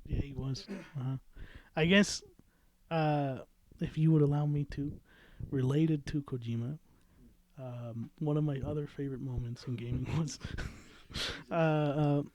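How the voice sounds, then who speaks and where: A man with a fairly high voice hosts a podcast in loose, casual chat. He talks excitably and swears freely as he gets into the conversation. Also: unhurried. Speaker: podcast host.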